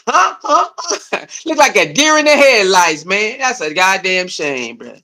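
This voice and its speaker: A man's voice: high voice, measured pace. A man giving heated, repetitive live-stream commentary, laughing and mocking as he talks. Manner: animated, repetitive, laughing, slangy. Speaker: streamer reacting to a video.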